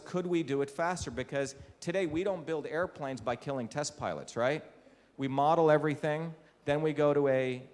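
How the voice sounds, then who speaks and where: A man's voice: fairly high pitch, a little mellow. A man from India giving a public lecture to a live audience, speaking emphatically and often putting rhetorical questions to the room. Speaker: invited lecturer. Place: lecture hall. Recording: reverberant hall.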